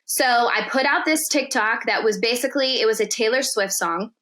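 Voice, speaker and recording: A woman guest on a podcast telling a story in casual chat, animated and profane, acting out the quotes in dialogue. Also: fairly high pitch, moderate pace, a little hiss or hum.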